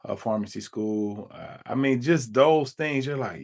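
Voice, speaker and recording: Man, teacher podcast co-host, medium-pitched voice, reflective casual talk, video call. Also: measured pace. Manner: reflective, acts out quotes with a jump in pitch. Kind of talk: casual chat.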